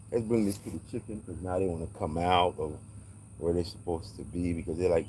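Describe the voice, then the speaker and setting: Outdoors in a yard, a livestream host on a farm tends chickens and riffs in an animated, preachy way, dropping street slang. His voice is very low and deep and fairly quick. The background is noisy, with faint roosters and insects.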